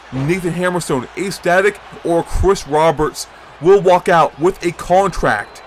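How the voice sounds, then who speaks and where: A young man excitedly narrates matches in a video game wrestling league, yelling high at the big moments and chatting with viewers in the lulls. A little hiss or hum runs under the recording.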